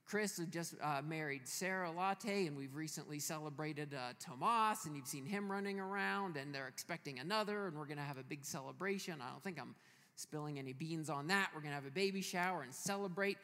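A man with a fairly high voice preaches a sermon, playful and emphatic as he tells a story. His voice carries a long reverb from the church hall around him. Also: a little fast, sharp tone. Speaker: pastor.

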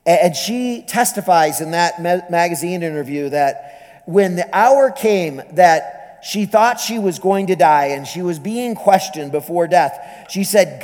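A man preaching a sermon as pastor, telling stories animatedly and repeating words when excited. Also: sits high, takes it slowly. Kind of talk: sermon storytelling. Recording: long hall reverb.

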